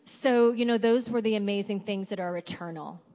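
A woman's voice: medium pitch, moderate pace, a little mellow. A woman, a former foster parent, speaking earnestly on a panel before an audience. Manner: earnest, heartfelt. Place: large hall with an audience. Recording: hall reverb.

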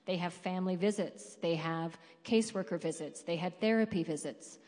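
A woman's voice: fairly low pitch, moderate pace, a little mellow. A woman, a former foster parent, speaking earnestly on a panel before an audience. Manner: earnest, heartfelt. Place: large hall with an audience. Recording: hall reverb.

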